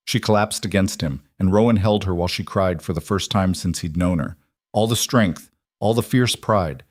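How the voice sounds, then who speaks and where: A man narrating a romance story in steady scripted narration. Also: deep voice, moderate pace, no room sound, studio quality.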